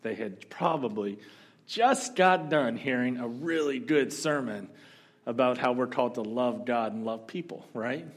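A male pastor telling a story during a sermon, animated and joking now and then. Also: medium pitch, a little slow. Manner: storytelling, animated, humorous asides.

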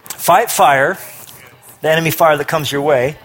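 A middle-aged man preaching a sermon, energetic, rising to forceful emphasis with quick asides. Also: a little high. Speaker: pastor.

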